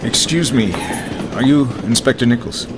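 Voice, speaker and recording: An actor as a polite train conductor. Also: male voice, mid-range voice, moderate pace, background noise, natural voice. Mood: anxious. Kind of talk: radio drama acting.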